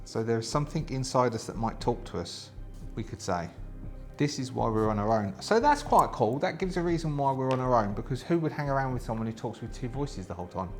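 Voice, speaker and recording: A man of ordinary pitch hosts a solo tabletop game and talks it through casually. He reads the rules aloud and weighs his choices as he goes, restarting often. Faint music plays underneath. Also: expressive, a little fast. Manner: chatty, thinks aloud with many fillers and restarts.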